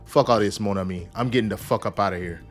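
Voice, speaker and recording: A man's voice: lowish voice, quick pace, faint music behind, voice pushed down, close to an everyday voice. A man putting on a fed-up Cajun mutant. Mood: defiant. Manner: mock Cajun accent he admits he can't pull off.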